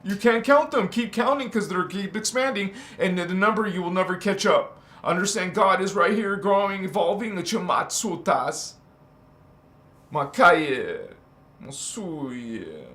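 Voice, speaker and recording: A man's voice: high voice, normal speed, few pauses, fairly bright tone, roomy sound. A man giving a spiritual teaching monologue, preaching in an emphatic, repetitive way.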